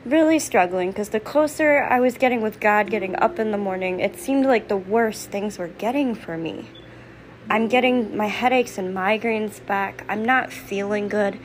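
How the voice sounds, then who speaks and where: A woman's voice: medium pitch, a little hiss or hum, rough recording. A young adult woman, a mother, giving an earnest, emphatic personal faith testimony to her viewers. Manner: earnest and emphatic, with repeated declarations.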